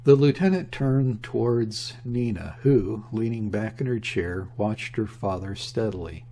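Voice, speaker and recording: An audiobook narrator, a man with a voice on the low side, reads a classic novel aloud. The scripted narration is steady and measured.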